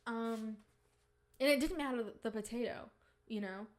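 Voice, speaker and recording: A woman's voice: fairly high pitch, normal speed. A woman hosting a podcast in casual, rambling chat, giggly, with playful mock-indignant rants. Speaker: podcast host.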